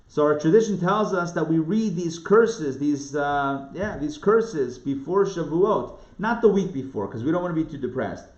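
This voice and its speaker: A man's voice: a little high, animated, moderate pace, hardly any pauses, darkish tone. A man giving a casual Torah lesson as a rabbi, talking conversationally and asking his listeners questions. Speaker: rabbi teaching a live online class. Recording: echoey room, dull lo-fi sound.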